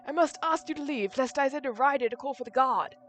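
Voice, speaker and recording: A woman voicing a crabby old male butler who scolds loudly and indignantly. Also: high voice, fast talker, voice pushed up.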